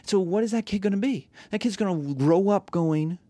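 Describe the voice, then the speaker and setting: A man's voice: high-pitched, expressive, normal speed, dark tone, no echo. A man teaching a class, talking casually with rhetorical questions and acted-out quotes. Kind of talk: classroom lecture.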